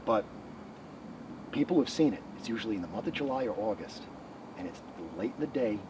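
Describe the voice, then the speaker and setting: A man who researches the paranormal, telling ghost stories in an animated interview outdoors by a rural road. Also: fairly low pitch. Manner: animated, quick storytelling. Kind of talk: storytelling interview. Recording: distant mic, outdoor traffic noise.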